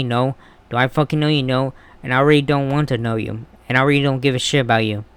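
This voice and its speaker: This man's fairly bright, smooth and resonant voice stays at a normal middle pitch as he vents in a laid-back wrestling commentary vlog. He's blunt, fired up, and swears liberally.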